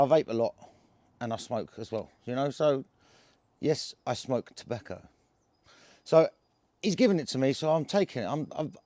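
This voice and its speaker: An English cannabis vlogger with an Essex accent tells a story to camera, rambling casually with plenty of slang and restarts. His voice is medium-pitched and mellow, and the recording is dry.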